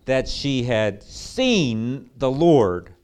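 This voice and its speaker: A man preaching a sermon as pastor, swinging between loud, excited bursts and hushed, low asides. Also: very slow, clear, resonant tone.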